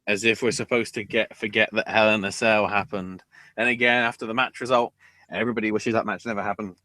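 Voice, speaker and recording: A man's voice: on the low side, little pitch movement, fast, sharp tone, dry recording. A man hosting a podcast, giving a rambling, sarcastic play-by-play recap with casual swearing. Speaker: podcast host.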